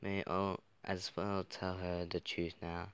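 A man's voice: low-pitched, flat delivery, takes it slowly, a bit bright, clear, resonant tone. A man casually playing a visual novel, hesitantly reading the game text aloud with lots of fillers. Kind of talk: casual let's-play commentary.

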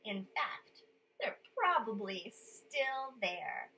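A woman's voice: a little high, sing-song, slow, a bit bright, slight background noise, poor audio. A woman reading a children's story aloud, playful and coaxing a young listener to join in with sounds.

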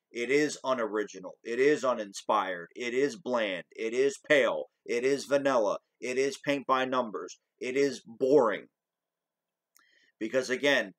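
A commentary channel host with a medium-pitched, slightly bright voice rants heatedly about movies, swearing a lot and repeating himself. The audio is poor.

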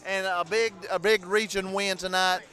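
A man's voice: sits high, flat delivery, moderate pace, sharp tone. An older man, a sports broadcaster, interviewing a coach after a game in a folksy, encouraging way. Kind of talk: postgame interview.

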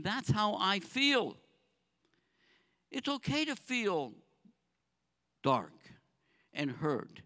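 A male pastor preaching a sermon. He talks earnestly, asks the congregation rhetorical questions, and moves between soft, low phrases and raised, pressing ones.

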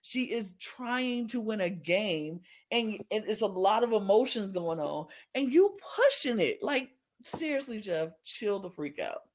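A woman's voice: a little slow, hardly any pauses, slight background noise. A woman co-hosting a podcast in a casual recap chat, indignant and venting, acting out the quotes she retells. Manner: animated, acts out quotes with big pitch jumps. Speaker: podcast co-host.

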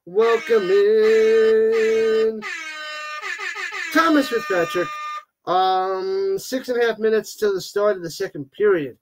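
A man with a fairly high voice hosts a live watch-party stream in a casual, chatty way. He reacts in an animated manner, with plenty of groans and exclamations, and greets viewers as they join. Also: moderate pace, noisy background. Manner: animated, exclaiming, groaning at bad card pulls. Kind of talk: casual livestream chat, reading viewer comments.

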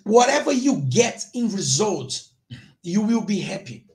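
A man's voice: sits high, very animated, a little slow, a little mellow. A man hosting his own crypto channel live, talking loosely and rambling, with frequent restarts. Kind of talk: casual livestream commentary.

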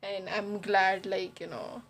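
Chatting casually over her vlog, this young woman rambles, leans on fillers, and pokes fun at herself. Her pitch is medium and her tone level and fairly bright, delivered at a slow pace in a low-quality recording.

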